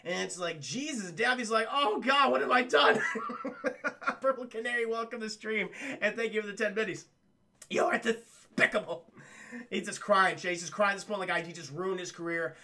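A man's voice: sits high, a little fast, pushed and bright. A man streaming a casual spoiler film review, rambling, swearing and addressing his chat.

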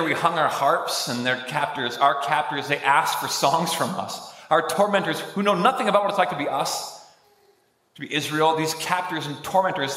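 A male pastor preaching an impassioned sermon with dramatic pauses, in a church. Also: fairly high pitch, sharp tone. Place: church sanctuary. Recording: echoey church hall with faint music.

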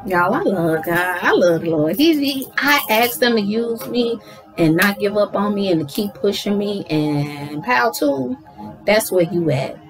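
Animated woman doing a spiritual card reading. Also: medium pitch, unhurried, faint music behind, rough recording. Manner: animated, talks to viewers as y'all, affirming. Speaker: tarot card reader.

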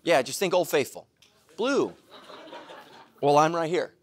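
A middle-aged man preaching a sermon, self-mocking and animated, now and then bursting into shouts. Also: fairly high pitch, unhurried. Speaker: pastor.

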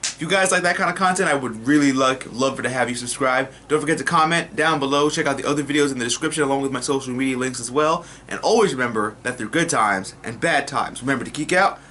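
A young man reviewing a TV episode in a casual vlog, excitable and rambling with lots of fillers and restarts. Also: mid-range voice, fast talker, a little hiss or hum. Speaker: TV review vlogger.

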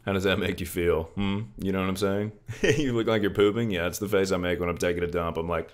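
A man's voice: fairly even intonation, fast talker. A young man hosting a casual livestream, laid-back and joking, swearing freely and calling his chat "dude" and "brother". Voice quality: very deep voice.

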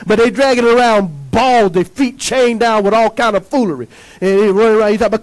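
A male pastor with a strikingly high voice preaches with fervor, firing questions at the congregation and waiting for them to answer. His delivery is emphatic, rhythmic and full of call-and-response. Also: fairly quick, a little mellow, rough recording. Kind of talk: sermon.

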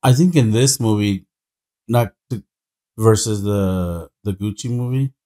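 A man co-hosts a podcast in relaxed casual chat, ribbing his partner with dry wisecracks. His voice sits somewhat low. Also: a little slow. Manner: teasing, wisecracking. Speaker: podcast co-host.

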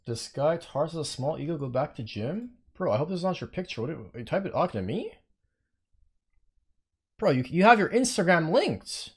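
A young man streaming a game, ranting indignantly with lots of swearing and sudden bursts of yelling. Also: fairly high pitch, sing-song, moderate pace, breathy edge. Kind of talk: live stream commentary.

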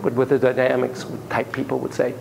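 A man lecturing a class, telling stories in an animated, playful way and acting out sound effects. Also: medium pitch, fairly quick, gravelly, a little hiss or hum, poor audio.

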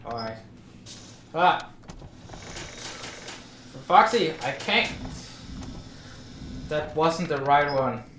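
A gamer does let's-play commentary on a VR game, talking to himself and yelping when frustrated. His fairly bright, higher voice swings widely in pitch and comes very slowly with frequent pauses. It's recorded from a distance in a roomy space with slight background noise.

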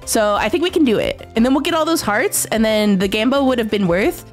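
A young woman streaming a game, chatting casually and excitably with her viewers, often giggling. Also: a little high, brisk. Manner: excitable, giggly, talks to chat. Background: faint background music.

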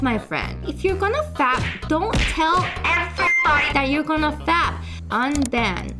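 A woman's voice: sits high, big pitch swings, a little slow, over loud music. A woman streamer reacting live and reading chat messages aloud, playful and teasing, with sudden shrieks and mock outrage.

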